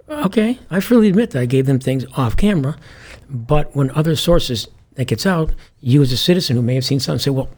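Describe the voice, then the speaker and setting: Male ex-police commander, raspy voice, lively storyteller who acts out the dialogue. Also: mid-range voice, fairly quick. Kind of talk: anecdotal interview storytelling.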